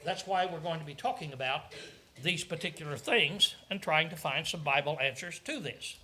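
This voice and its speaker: A man preaching a sermon, often clearing his throat and asking his listeners rhetorical questions. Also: fairly high pitch, moderate pace, pushed and bright.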